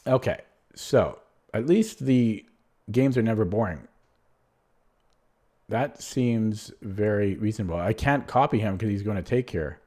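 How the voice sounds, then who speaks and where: A man's voice: lowish voice, a little slow, warm tone. Man muttering through an online chess game. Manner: thinks aloud, muttering moves half to himself; casual, self-deprecating, rambling asides. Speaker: chess streamer. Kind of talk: live commentary while playing online chess.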